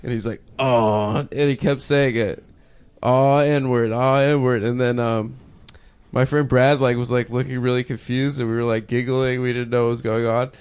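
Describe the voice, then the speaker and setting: A young man on a podcast, telling laid-back, halting anecdotes in casual chat. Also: medium pitch, level tone, darkish tone, clear, resonant tone. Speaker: podcast co-host.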